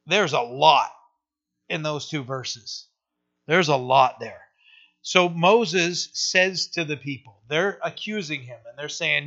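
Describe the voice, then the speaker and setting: Speaking slowly in a sharp, higher-pitched voice, a man preaches to his church in a conversational style. He asks rhetorical questions and says "right?" a lot. The sermon recording sounds dull and lo-fi.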